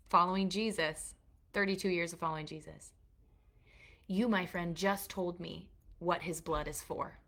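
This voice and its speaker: A middle-aged woman with a somewhat low voice leads a heartfelt, faith-based lesson for mothers. She speaks in an earnest, confessional way and keeps checking in with her listeners as she teaches. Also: a bit bright. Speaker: course teacher and mentor to mothers.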